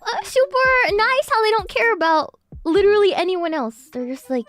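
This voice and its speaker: High, lively woman streamer chatting. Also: moderate pace, faint music behind. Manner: playful, rambling, giggly. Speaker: VTuber streamer. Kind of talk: casual stream chat.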